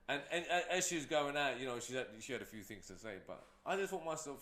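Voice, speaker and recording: A man's voice: medium pitch, lively intonation, quick pace, few pauses, pushed and bright, reverberant. A man who is a guest entrepreneur, telling stories in a casual, rambling way with many fillers. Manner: rambling, storytelling, frequent fillers. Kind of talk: casual interview talk.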